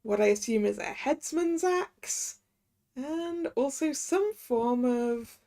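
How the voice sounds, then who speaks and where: A woman's voice: high voice, expressive, slow, dark tone. A woman streamer reading and commenting through a video game playthrough, musing aloud and correcting herself as she goes. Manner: musing, self-correcting, chatty. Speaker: let's play streamer.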